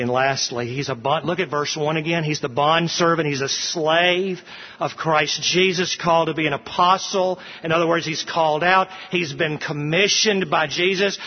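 A male pastor preaching an expository sermon in a church sanctuary, earnest and emphatic, repeating phrases for emphasis. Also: on the high side. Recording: dull recording with long hall reverb.

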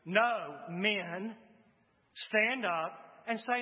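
A man's voice: high-pitched, measured pace. A male pastor preaching a sermon with impassioned, emphatic declarations, then leading a prayer. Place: church sanctuary. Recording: long reverb, dull lo-fi sound.

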